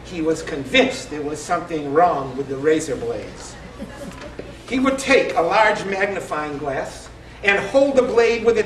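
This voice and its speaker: Man in his 60s, live comic story reading, wry punchlines, high voice, roomy echo, distant mic. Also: a bit bright, slight background noise. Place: live event in a store showroom. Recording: echoey room, distant mic.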